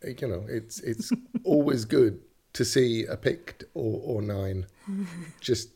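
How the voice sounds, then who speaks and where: A middle-aged man talking at an easy middle pitch as a comedy guest. He rambles through his answers with dry, deadpan asides and soft chuckles. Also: takes it slowly, slightly rough. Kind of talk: improvised comedy chat.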